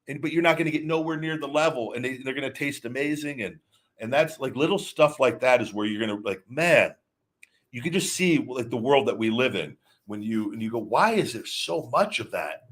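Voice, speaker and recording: A podcast host with a medium-pitched voice runs a livestream, chatting casually and rambling as he answers questions from viewer chat. He repeats words often and keeps restarting his sentences.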